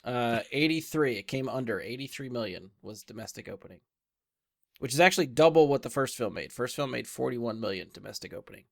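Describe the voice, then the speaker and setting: A man's voice: mid-range voice, fairly quick, gravelly, no room sound, clean studio sound. A man hosting a casual movie review podcast, laughing easily and leading the talk. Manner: laughs often, relaxed hosting. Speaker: podcast host.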